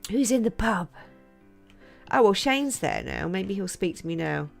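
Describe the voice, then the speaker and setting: A woman's voice: medium pitch, animated, unhurried, gravelly, soft background music. A woman chatting casually and laughing as she streams a cosy farming game. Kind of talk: cosy game livestream chat.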